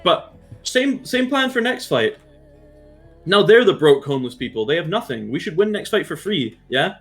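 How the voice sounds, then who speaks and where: A man's voice: fairly high pitch, very animated, moderate pace, faint music behind. A man coaching his esports team through a match review, direct and blunt, swearing freely and checking in with his players often. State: has the hiccups.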